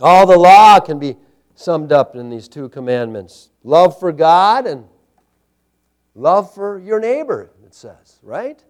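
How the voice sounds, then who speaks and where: A man's voice: on the high side, animated, takes it slowly. A man preaching a sermon, emphatic and building with repeated phrases. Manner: emphatic preaching with rising intensity and repetition. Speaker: pastor.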